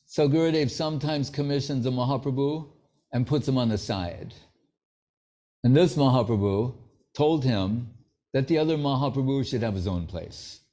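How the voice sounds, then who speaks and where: A man speaks at a moderate pace in a mellow, mid-range voice. He's a spiritual teacher giving a sermon of anecdotes, telling stories and acting out the dialogue within them.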